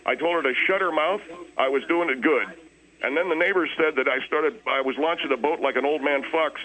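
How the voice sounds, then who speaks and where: A man's voice: on the high side, fairly quick, pushed and bright, slight background noise, rough recording. A man playing a rambling, defensive boater who tells his mishaps at length. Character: middle-aged man, blustering hapless boater.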